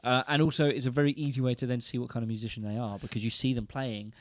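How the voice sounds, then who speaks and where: A man's voice: medium pitch, fairly even intonation, fast talker, no echo. A young man co-hosting a music podcast, agreeably chatting and telling stories. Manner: easygoing storyteller, agreeable. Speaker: podcast co-host. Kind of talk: casual chat on a live stream.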